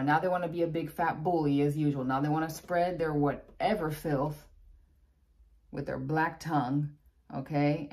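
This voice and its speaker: A woman's voice: deep voice, darkish tone. A woman giving a casual tarot reading, chatty and blunt, with exasperated asides. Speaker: tarot reader.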